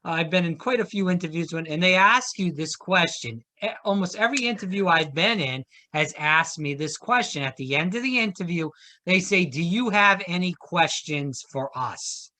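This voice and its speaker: A man's voice: fairly high pitch, lively intonation, normal speed, bright, forceful tone. A man hosting a podcast interview, asking conversational, rambling questions. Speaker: podcast host. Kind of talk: casual interview chat.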